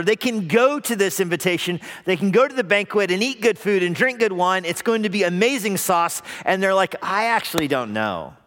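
A man preaching a sermon at an evening worship service, lively, acting out the voices of hesitant and scoffing people. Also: sits high. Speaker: pastor. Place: church sanctuary. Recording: long reverb of a church hall.

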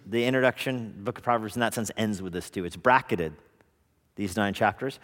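A man preaching a sermon at an evening worship service, lively, acting out the voices of hesitant and scoffing people. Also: mid-range voice, brisk. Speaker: pastor. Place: church sanctuary. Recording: long reverb of a church hall.

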